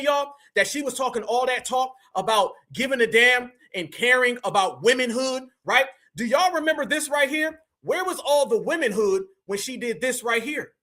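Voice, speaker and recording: Male online commentator, very high and bright, emphatic slang-heavy delivery. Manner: emphatic, street-slang, addresses viewers as fam and y'all. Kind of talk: opinionated commentary.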